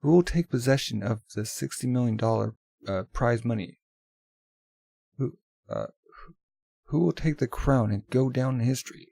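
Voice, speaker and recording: Man casually reading a comic aloud, stumbles and self-corrects, gravelly voice, dry recording. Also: medium pitch, lively intonation, moderate pace, pauses often, mellow, dry recording. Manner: stumbles over words and corrects himself. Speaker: manga reader. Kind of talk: casual read-aloud with commentary.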